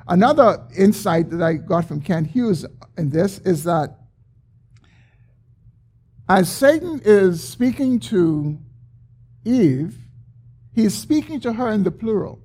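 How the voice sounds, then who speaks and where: A man preaching a sermon, explaining a scripture passage with emphatic, drawn-out stresses. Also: sits high, sing-song, a little mellow, husky. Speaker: pastor.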